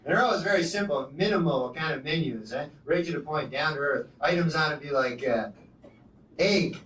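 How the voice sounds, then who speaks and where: A man doing a stand-up comedy set with a rambling, deadpan delivery full of "you know"s, from a comedy club stage with the audience laughing. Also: on the high side, moderate pace, recorded from a distance, a little hiss or hum. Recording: echoey live club recording with loud crowd laughter.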